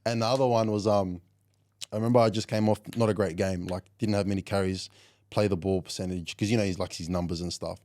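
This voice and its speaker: A man's voice: sits low, fast talker. A young Australian man in his twenties, a guest on a casual podcast, telling stories with lots of "like" and "you know.". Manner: animated storyteller, heavy use of "like" and "you know". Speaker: guest, professional rugby league player.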